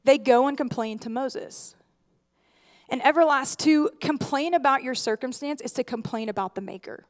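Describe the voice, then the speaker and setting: High-voiced woman preaching conversationally. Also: moderate pace. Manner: conversational, animated preaching with rhetorical questions. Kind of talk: sermon.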